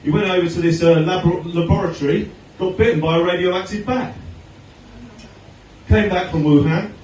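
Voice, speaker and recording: A middle-aged Australian man doing a stand-up comedy set, telling chatty stories with deadpan punchlines. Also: high-pitched, moderate pace. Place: comedy venue stage with audience laughter. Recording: echoey room from far off, noisy.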